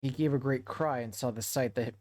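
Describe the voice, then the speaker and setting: A man's voice: medium pitch, a little mellow, no room sound. Man reading a novel aloud, dry sound. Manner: halting read-aloud with frequent self-corrections. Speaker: streamer reading to a book club.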